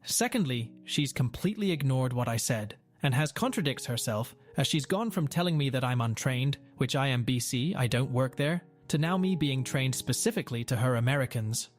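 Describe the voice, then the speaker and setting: A young man tells an online story in a dry, matter-of-fact voice at an ordinary middle pitch. His delivery has a sardonic edge. Soft music plays quietly underneath. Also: animated, normal speed, hardly any pauses. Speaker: narrator.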